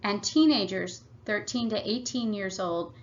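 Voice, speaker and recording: A woman at an ordinary pitch reads a scripted parenting workshop in a measured, teacherly manner. The recording is slightly dull and lo-fi. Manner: measured, instructive reading. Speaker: family workshop presenter. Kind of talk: scripted read-aloud presentation.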